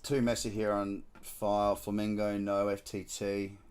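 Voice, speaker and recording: A man's voice: on the low side, flat delivery, measured pace, a little mellow, smooth. An Australian man hosting a live trading stream, talking casually and slangily as he walks through charts and cracks dad jokes. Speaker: trader hosting a live market scan.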